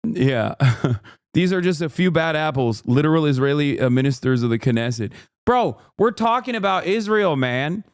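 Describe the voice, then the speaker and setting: A man's voice: on the high side, lively intonation, normal speed, clear, resonant tone, no room sound, studio quality. A man streaming, ranting with heated, profane sarcasm while reacting to a clip.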